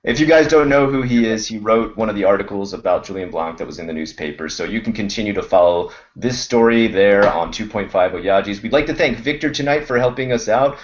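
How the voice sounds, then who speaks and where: A man's voice: fairly low pitch, fairly quick, few pauses. Man rambling through a show sign-off. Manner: loose, rambling wrap-up with crude asides. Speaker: co-host of a web show. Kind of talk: casual web show chat and sign-off. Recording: muffled video call audio.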